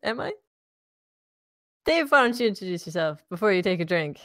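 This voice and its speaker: A woman hosting and narrating a tabletop role-playing game as dungeon master, relaxed and laughing, with many ums and uhs. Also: lowish voice, moderate pace, dry recording, clean studio sound.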